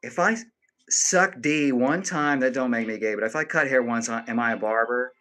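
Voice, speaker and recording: A man's voice: mid-range voice, fast, sharp tone. A man hosting a casual livestream, reading viewer comments aloud and answering with joking, profane banter. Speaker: live streamer.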